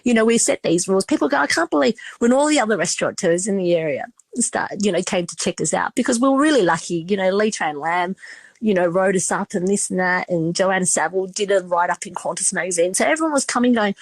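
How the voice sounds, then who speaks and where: A woman's voice: mid-range voice, lively intonation, fairly quick, vocal fry, no room sound, low-quality recording. A middle-aged woman with an Australian accent telling stories in a casual interview, chatty and full of restarts and quoted dialogue. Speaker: restaurateur and podcast guest.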